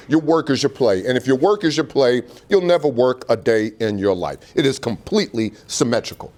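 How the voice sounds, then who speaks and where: A man's voice: on the high side, a little fast, slight background noise. A man giving a motivational speech to an audience, full of rhetorical questions. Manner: animated preacher-like delivery with rhetorical questions. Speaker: motivational speaker. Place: auditorium.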